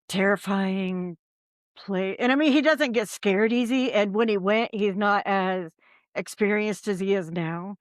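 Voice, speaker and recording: Woman, podcast guest, casual storytelling, rambling with fillers, mid pitch, dry recording. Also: dry recording. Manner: rambling, lots of ums and likes. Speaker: paranormal investigator guest.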